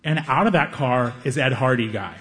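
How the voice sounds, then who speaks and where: A young man doing stand-up comedy, telling a story with animated delivery and acting out the people in it. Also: medium pitch, moderate pace, big-room sound.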